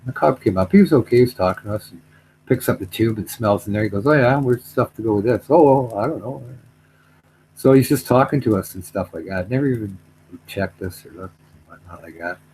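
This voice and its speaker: A man's voice: fairly low pitch, fairly quick, a little mellow, a little hiss or hum, rough recording. A middle-aged man telling a story in casual chat, rambling, repeating himself, trailing off.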